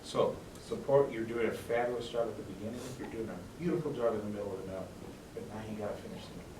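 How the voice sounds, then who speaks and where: A man's voice: lowish voice, fast talker, recorded from a distance, background noise. A man conducting a school band rehearsal, giving instructions between passages and often checking that the players understand. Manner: coaching, often asks if it makes sense. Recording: roomy, off-mic, band playing.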